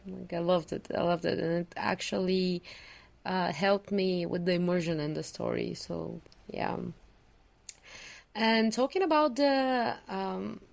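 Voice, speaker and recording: A woman's voice: on the low side, measured pace, vocal fry. A woman podcast host asking questions in a friendly, enthusiastic way. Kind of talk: casual interview chat.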